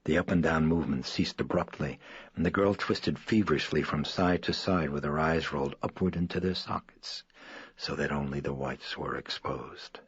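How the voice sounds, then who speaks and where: A man reading an audiobook in a measured, somber way. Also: slightly rough, no room sound. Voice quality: very deep. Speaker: audiobook narrator. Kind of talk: scripted narration. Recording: dull dry studio read.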